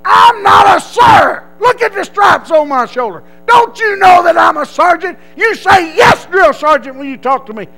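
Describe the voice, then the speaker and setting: A man voicing a hard-nosed male army drill sergeant, shouting orders in a high, loud voice. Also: sing-song, normal speed, creaky, hardly any pauses, exaggerated voice, low-quality recording. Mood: barking.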